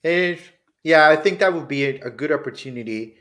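A man from Honduras co-hosting a sports podcast, giving measured, thoughtful takes in casual chat with frequent "you know". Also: fairly high pitch, a bit bright. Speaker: podcast co-host.

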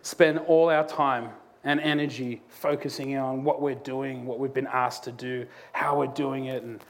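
A man preaching a sermon in a church, a lively storyteller who laughs through his anecdotes. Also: medium pitch, a little slow. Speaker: pastor. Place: church auditorium.

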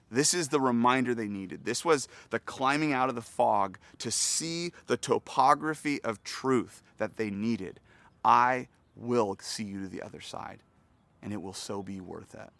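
Gravelly-voiced pastor preaching earnestly. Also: male voice, lowish voice, a bit bright, no room sound. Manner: earnest, conversational preaching with pauses and restarts. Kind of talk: sermon. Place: outdoors.

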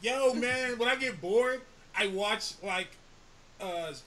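A man from the United States hosting a casual chat, loud and joking, laughing often and swearing freely. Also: very high-pitched, slow pace. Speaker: host.

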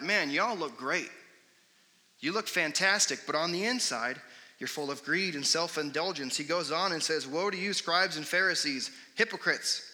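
Conversational pastor in a reverberant hall. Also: male voice, fairly high pitch, pushed and bright. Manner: conversational, storytelling, sarcastic asides. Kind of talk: sermon.

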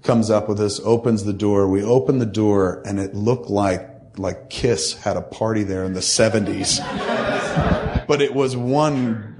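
A man's voice: on the low side, a little slow, background noise. A man casually telling a long, profane, rambling anecdote into a mic, acting out the other people in it. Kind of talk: casual storytelling chat. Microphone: studio mic.

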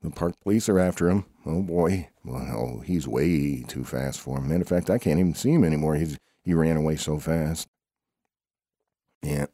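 A man's voice: rumbling low, normal speed, dark tone, no echo, clean studio sound. A man improvising a playful, rambling comic story with banter between characters. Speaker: home show storyteller.

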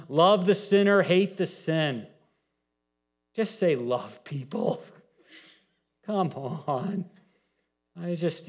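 A middle-aged male pastor giving a conversational sermon, often repeating words and rising in pitch when he makes a point.

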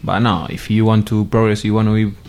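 A man from Argentina, a Spanish speaker, chatting as a guest in halting English with grammar. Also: on the low side, flat delivery, a little mellow. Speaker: guest footballer. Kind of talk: casual interview chat.

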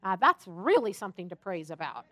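A woman pastor preaching a sermon, telling personal stories in an animated, chatty and humorous way. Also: medium pitch, a little fast, no room sound.

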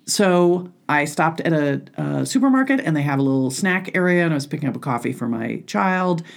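A woman's voice: sits low, animated, brisk, vocal fry. A woman co-hosting a casual podcast, jokey and a little tongue-tied as she tells a story. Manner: jokey, stumbles over words. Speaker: podcast co-host. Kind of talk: casual chat.

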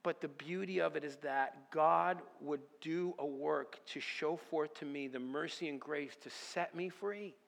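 A man's voice: a little high, steady tone, measured pace, vocal fry, few pauses. Earnest man preaching in a reverberant hall. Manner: earnest preaching, by turns fervent and quietly confessional. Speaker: pastor. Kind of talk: sermon. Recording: long reverb of a large hall.

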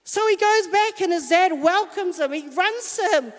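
A woman's voice: extremely high pitch, expressive, moderate pace. A woman telling a candid, self-mocking personal story in a sermon. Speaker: speaker at a church talk. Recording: long hall reverb.

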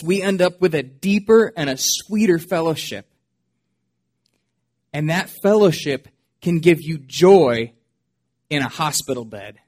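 A man preaching a sermon to his church as pastor, earnest and expressive. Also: a little high. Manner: earnest, expressive preaching with dramatic quoted voices.

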